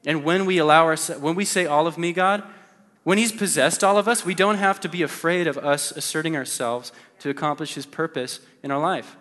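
This sermon comes from a man with a fairly high, steady, fairly bright voice and a brisk pace, speaking in a church sanctuary. His delivery is conversational and full of fillers, shifting between playful and earnest. Faint music sits under a long hall reverb.

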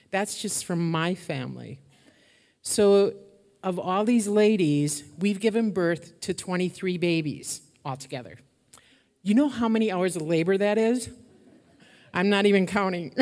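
A woman's voice: fairly low pitch, a little mellow. An older woman giving a church sermon and prayer, speaking emotionally and laughing often. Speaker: pastor. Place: church auditorium. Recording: long hall reverb.

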